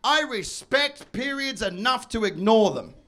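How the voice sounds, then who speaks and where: A stand-up comedian man with a strikingly high, bright, forceful voice, working a live crowd. He talks brashly and breaks into loud shouts and mock voices to sell his bits. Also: lively intonation, measured pace. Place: comedy venue with audience.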